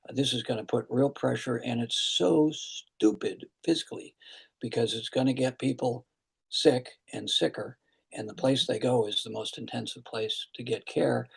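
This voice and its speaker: Gravelly, husky older man. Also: mid-range voice, poor audio. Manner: earnest, halting, with many restarts and fillers. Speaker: congressman hosting a town hall. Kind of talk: answering questions at a virtual town hall. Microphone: video call.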